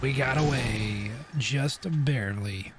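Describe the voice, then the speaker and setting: A young man hosting a gaming channel, commenting aloud as he plays, shifting between flat calm remarks and alarmed bursts. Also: medium pitch, takes it slowly, background noise. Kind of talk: let's play commentary.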